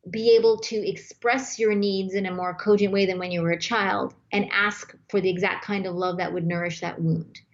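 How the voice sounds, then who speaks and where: Woman giving emphatic relationship advice. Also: medium pitch. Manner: flowing, emphatic, acts out scripted dialogue. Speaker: guest expert. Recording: slightly dull lo-fi sound.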